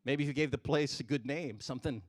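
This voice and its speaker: A man doing a stand-up comedy set on a stage microphone, jumping between loud punchlines and muttered asides. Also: medium pitch, quick pace, no echo, studio quality.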